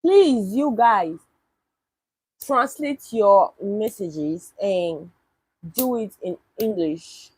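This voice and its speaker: A woman talks casually on a livestream, answering viewers' questions with wry disbelief. Her voice is husky and she speaks at an unhurried, slow pace. The sound is dry and close, with no room echo. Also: mid-range voice, lively intonation, darkish tone. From Nigeria. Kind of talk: casual livestream chat reading comments.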